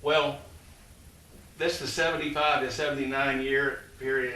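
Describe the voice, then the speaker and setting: A man's voice: medium pitch, fairly even intonation, a little slow, bright, forceful tone. Folksy older man telling stories. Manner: folksy, rambling, with many fillers. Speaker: college president giving a talk. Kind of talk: storytelling talk to an audience. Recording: echoey room, distant mic, faint noise.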